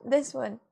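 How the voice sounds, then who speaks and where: A woman with a chatting casually to her viewers, rambling and restarting with many fillers. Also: dark tone. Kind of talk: casual chat.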